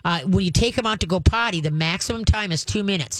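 A woman's voice: mid-range voice, fast talker, a little hiss or hum. A woman hosting a call-in radio show, giving dog training advice in a folksy, emphatic way with frequent laughs.

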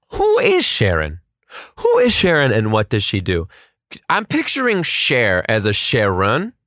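A man, a schoolteacher, hosting a comedic solo podcast with quick asides and rhetorical questions. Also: mid-range voice, fairly bright tone, dry recording, studio quality.

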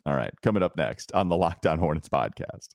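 A man's voice: sits low, expressive, gravelly, no room sound, studio quality. A man hosting a sports podcast, chatting casually and teasing his co-host. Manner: teasing, laughs often, brisk ad reads.

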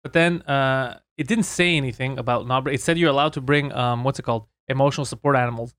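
A man's voice: medium pitch, fast, a bit bright, clean tone, no room sound. A man, talking in a casual podcast chat as a brash, profane storyteller who laughs often.

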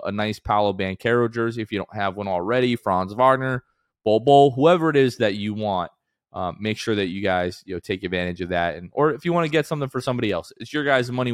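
A man co-hosting a casual sports podcast, his voice sitting on the lower side. He talks in an upbeat, rambling way, full of fillers and restarts. The recording is dry and close, with no room sound. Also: no echo. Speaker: podcast co-host.

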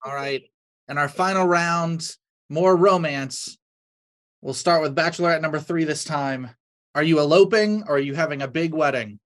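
A man's voice: on the high side, moderate pace, fairly bright tone. Matter-of-fact man reading quiz questions. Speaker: podcast producer.

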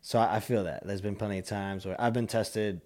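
A man's voice: on the low side, steady tone, fairly quick, a little mellow. A man in casual podcast chat, talking in a laid-back, rambling way with many fillers.

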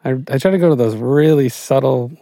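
A laid-back man co-hosts a casual podcast chat, speaking in a measured way. His tone is very dark and mellow, and the recording is dry and close. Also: medium pitch, vocal fry, no echo. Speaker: podcast co-host.

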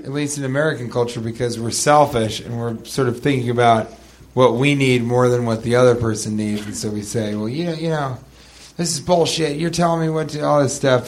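A man chatting casually as a podcast co-host, joking and acting out silly bits. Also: mid-range voice. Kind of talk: casual comedic banter. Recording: loud background noise.

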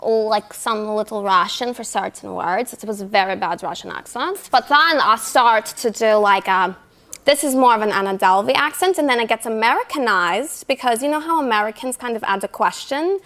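A woman's voice: a little high, expressive, normal speed, fairly bright tone. A woman actress on a talk show, talking casually with lots of "like" and "you know" fillers.

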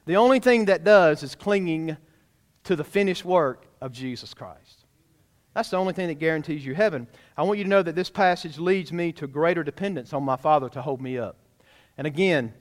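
A man's voice: on the high side, long reverb tail. A man preaching a sermon as pastor, emphatic and direct, often asking the congregation questions. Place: church sanctuary.

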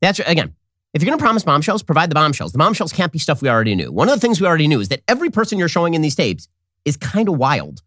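A man hosting a political commentary show, delivering a sarcastic, animated monologue into a studio mic. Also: on the high side, very fast, dry recording. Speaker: host.

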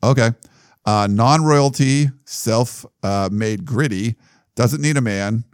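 Speaking slowly in a smooth mid-range voice, a male podcast co-host reads jokey comparisons aloud, sprinkling in fillers and laughter. The show is a casual sports podcast, captured in a dry, clean studio recording.

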